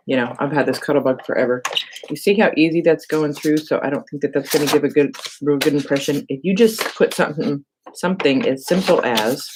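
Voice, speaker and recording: A woman hosting a casual live crafting demo, chatty and self-mocking, thinking aloud while she works and talking to viewers. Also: low-pitched. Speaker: crafting channel host. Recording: steady background noise with clicks.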